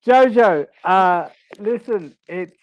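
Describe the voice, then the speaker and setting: High-voiced guy host, gushy, laughs a lot, dry close sound. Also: expressive, slow pace, no echo, highs cut off. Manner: gushing, laughing, stammering. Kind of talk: live online comedy chat.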